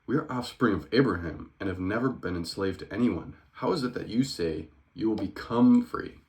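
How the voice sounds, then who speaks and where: Indignant, challenging temple men, read aloud by a man whose voice lifts a little above its usual low register. It is a casual scripture reading, quicker and sharper here. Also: animated, a little mellow.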